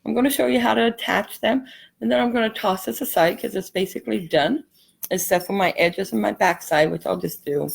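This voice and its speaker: A woman's voice: medium pitch, brisk, vocal fry, slightly rough. A woman hosting a live craft tutorial, chatting in a rambling, apologetic way as she works. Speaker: craft channel host.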